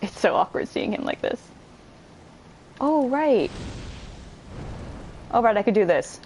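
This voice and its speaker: A woman's voice: on the high side, measured pace, rough recording. Woman doing a let's play, swings up and down a lot, giggly and sweary, faint hiss under it. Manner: excitable, giggly, swears freely, talks to viewers and enemies. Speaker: gamer streamer.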